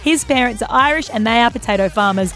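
A woman's voice: fairly high pitch, fast, fairly bright tone, soft background music. A woman co-hosting a radio show, chatting casually and joking around. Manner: playful, jokey, trying out silly voices. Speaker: radio co-host.

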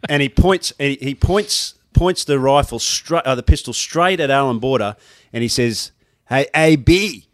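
A middle-aged Australian man telling stories in casual chat as co-host, animated and laughing, with stumbling restarts. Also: medium pitch, moderate pace, hardly any pauses, no room sound, clean studio sound.

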